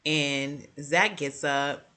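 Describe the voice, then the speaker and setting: A young adult woman casually recapping TV episodes, animated and talking straight to her viewers, with her voice jumping high whenever she reacts. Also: extremely slow. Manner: jumps high in pitch when reacting. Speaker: TV show reviewer.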